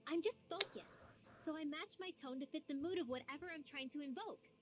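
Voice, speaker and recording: A sharp-tongued young mage, played by a woman in a game, with a high, clear voice. She speaks in a dry, teasing, matter-of-fact way. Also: fairly quick, natural voice. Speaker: game character. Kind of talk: game dialogue acting. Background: game music.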